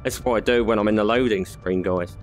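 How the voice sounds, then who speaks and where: A man's voice: on the low side, brisk, faint music behind. A young man in a let's-play video, joking and yelping at scares as he narrates the game. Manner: jokey, yelps and laughs at scares. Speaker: gaming YouTuber. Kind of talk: excited let's-play commentary.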